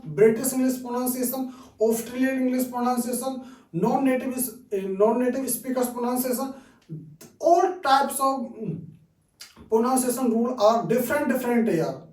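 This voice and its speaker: A man teaching an online English lesson. He drills words slowly and keeps checking in with "okay?". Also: extremely high pitch, darkish tone, reverberant, far from the mic, poor audio.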